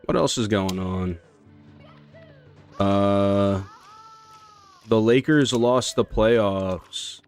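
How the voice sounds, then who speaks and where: A man's voice: fairly low pitch, very slow, pauses often, a little mellow, clean tone, soft background music. A man chatting casually on a live stream while playing, rambling and slangy. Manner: rambling, slangy, laid-back. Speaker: speedrun streamer.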